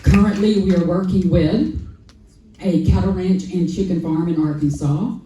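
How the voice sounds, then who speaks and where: A woman's voice: lowish voice, moderate pace, distant mic, highs cut off, background noise. Woman telling a story in an echoey hall. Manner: lively, acts out quoted dialogue, repeats key lines for emphasis. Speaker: sanctuary founder on a festival panel. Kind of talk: animated personal storytelling to an audience.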